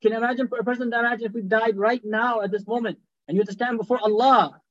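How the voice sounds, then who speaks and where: A man preaching a sermon, telling stories fast with acted quotes and rhetorical questions. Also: very high-pitched, steady tone, highs cut off. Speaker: Islamic preacher.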